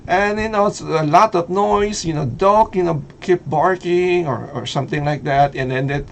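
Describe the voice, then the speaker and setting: A man's voice: fairly high pitch, normal speed, vocal fry. A middle-aged man with a Filipino accent gives casual commentary, hesitant and full of fillers, laughing easily. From Philippines. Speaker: vlogger.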